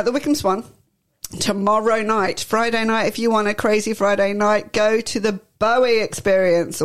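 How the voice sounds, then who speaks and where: A woman's voice: fairly low pitch, darkish tone. A woman co-hosting a local radio show, chatting through theatre listings with lots of fillers and laughter. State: short on sleep. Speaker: radio co-host.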